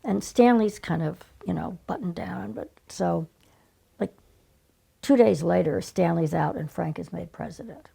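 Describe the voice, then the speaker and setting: An older woman telling stories as an interview guest, animated and conversational. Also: lowish voice, a little slow, vocal fry, slightly rough. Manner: animated, conversational, acts out remembered exchanges. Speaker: guest, former casting director. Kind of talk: storytelling in conversation.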